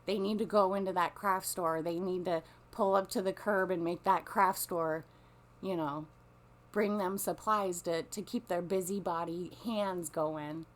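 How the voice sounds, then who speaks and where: A woman's voice: fairly low pitch, fairly even intonation, measured pace. A woman telling a long story in a casual monologue, rambling and profane, with lots of restarts. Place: lives on a small coastal peninsula.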